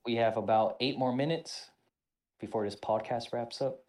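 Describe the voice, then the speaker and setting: Brief: male podcast co-host, animated and profane, casual storytelling. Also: medium pitch, moderate pace.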